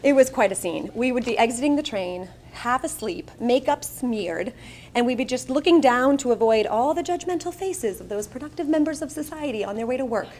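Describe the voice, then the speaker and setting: Her voice a little high, darkish in tone, and lively in intonation, a middle-aged woman from Long Island, New York, shares her life story as guest speaker at a charity breakfast. Addressing the audience in an event room, she's candid and self-mocking, tossing in wry asides over faint background noise.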